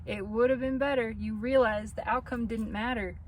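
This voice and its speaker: A woman giving an earnest spiritual tarot reading, talking straight to the listener and laughing softly through the painful parts. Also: on the high side, fairly even intonation, normal speed, slight background noise. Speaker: tarot reader.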